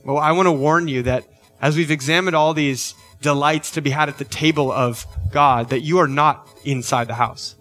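A man's voice: fairly high pitch, fairly even intonation, normal speed, a bit bright, soft background music. Earnest male pastor preaching. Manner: earnest, rising emphasis on key questions, frequent "right?". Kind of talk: sermon.

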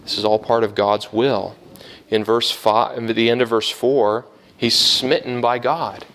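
A man's voice: mid-range voice, fairly even intonation, measured pace, a bit bright. A man teaching a Bible class, explaining step by step with many fillers and restarts.

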